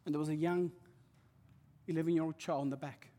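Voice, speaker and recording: An impassioned male pastor delivers a sermon in a high voice, often doubling words as he builds momentum. His words ring through a hall with a long, trailing reverb. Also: fairly even intonation, fairly quick, dark tone. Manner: impassioned, repeats words when stirred.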